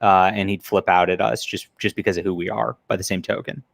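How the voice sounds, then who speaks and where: A man's voice: low voice, fairly even intonation, a little fast, vocal fry, no room sound. Joking male podcast host, dry sound. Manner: jokey, laughs a lot, banters. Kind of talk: casual chat.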